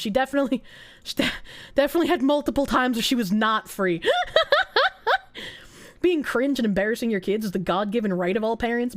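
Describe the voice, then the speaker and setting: A young woman with a Boston accent, streaming and chatting casually with her live chat, her voice a little rough from being sick, swearing and often breaking into high squeals. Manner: animated, swearing, frequent laughter, jumps to high squeals.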